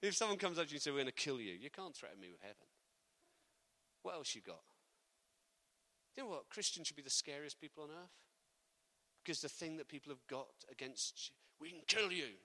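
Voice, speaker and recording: A man preaching a sermon, lively and building to loud, emphatic delivery. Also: on the high side, a little fast, dry recording.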